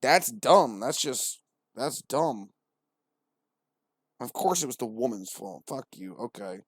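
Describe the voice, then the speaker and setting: A young man doing irreverent comedic commentary, full of slang and swearing. His voice sits at an average pitch. The sound is dry and close, with no room in it. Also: expressive, takes it slowly, no room sound. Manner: profane, mocking, slangy. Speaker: podcast host.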